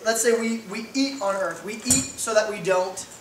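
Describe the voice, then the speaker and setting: Animated preacher in an echoey hall. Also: male voice, high-pitched, normal speed, recorded from a distance, a crowd in the background. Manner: animated storytelling with voiced asides. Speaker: pastor. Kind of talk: sermon. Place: church hall.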